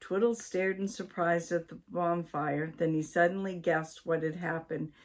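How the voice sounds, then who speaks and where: An older woman from Maine reading a children's story aloud in a slow, deliberate way. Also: fairly low pitch, fairly even intonation. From Maine, USA.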